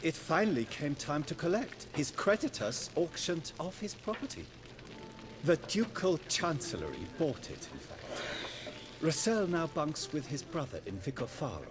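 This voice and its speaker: A matter-of-fact knight. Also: male voice, on the high side, sing-song, moderate pace, noisy background. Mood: informative. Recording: game audio with loud music behind.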